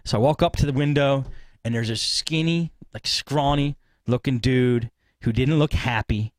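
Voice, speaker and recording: A man hosting a podcast, telling a long story in a rambling, animated way and acting out what people said. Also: medium pitch, normal speed, dry recording. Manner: rambling, animated retelling with acted-out quotes. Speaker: podcast host. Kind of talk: casual storytelling.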